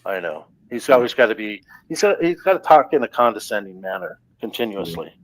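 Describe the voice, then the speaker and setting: Man, online panel host, keeps order, expressive pitch, dry mic. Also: brisk, no echo, low-quality recording. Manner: exasperated, trying to keep order. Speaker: host and moderator.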